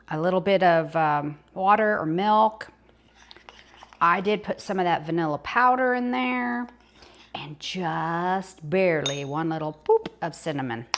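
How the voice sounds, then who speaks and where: Older Southern woman, home cook, chatty and folksy, lowish voice. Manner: chatty, folksy, talks while eating. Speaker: home cooking vlogger. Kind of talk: casual cooking demonstration.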